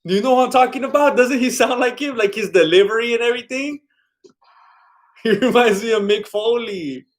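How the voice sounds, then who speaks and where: A man's voice: very high-pitched, moderate pace. A man hosting a live stream in casual chat, rambling and laid-back as he reacts to viewer comments. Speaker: livestream host.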